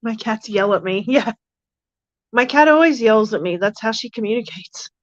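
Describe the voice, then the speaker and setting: A woman's voice: on the high side, expressive, moderate pace, dry recording, highs cut off. A woman streaming casually while tending her fish tanks, chatty and self-deprecating, cooing to her fish. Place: home room with fish tanks.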